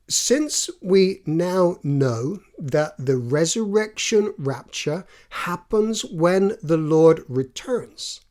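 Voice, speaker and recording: Bible teacher, scripted teaching, slow delivery, earnest, measured, reads verses aloud. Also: mid-range voice, darkish tone.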